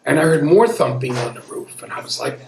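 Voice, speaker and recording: A man's voice: a little high, animated, a little fast, vocal fry, background noise. A man in his fifties telling a personal story live on stage, earnest and conversational with a wry edge. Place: pub room at a live storytelling event. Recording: echoey pub room with an audience. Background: audience murmur.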